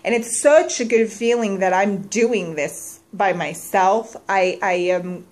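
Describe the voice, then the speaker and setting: A woman's voice: mid-range voice, slow pace, darkish tone. A young adult woman speaking enthusiastically about her direct sales business in a personal testimonial vlog, gushing and repeating herself.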